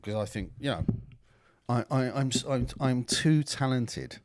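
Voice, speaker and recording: A man's voice: medium pitch, animated, a little slow, noisy background. A man co-hosting a podcast, ranting and swearing in casual chat. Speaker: podcast co-host.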